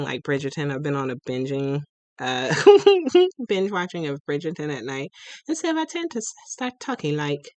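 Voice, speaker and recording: Bright-voiced woman in her late thirties, chatty. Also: deep voice, no room sound. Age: late 30s. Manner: chatty and goofy, laughs often. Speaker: livestream host and shop owner. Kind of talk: casual live-stream chat.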